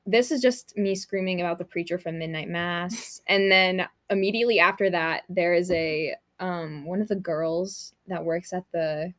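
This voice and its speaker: A woman's voice: lowish voice, normal speed, few pauses, dry recording, studio quality. Chatty young woman podcaster. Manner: chatty, rambling with many fillers and laughs. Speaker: podcast co-host. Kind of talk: casual chat.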